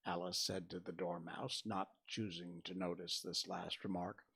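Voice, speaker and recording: A man's voice: deep voice, lively intonation, measured pace, vocal fry, hardly any pauses, a bit bright, breathy edge. A man reading a storybook aloud as narrator. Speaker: reader.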